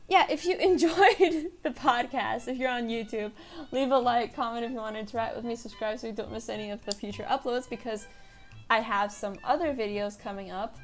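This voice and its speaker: A woman's voice: a little high, brisk, soft background music. A young woman hosting her own podcast, chatting casually and rambling in a self-deprecating way. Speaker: podcast host. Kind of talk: casual solo podcast chat.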